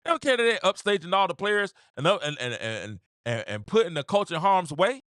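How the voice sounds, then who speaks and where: A man's voice: high-pitched, sing-song, brisk, a bit bright, dry recording, clean studio sound. A man hosting his own show, giving opinionated casual commentary, repeating phrases for emphasis and acting out quotes. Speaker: podcast host.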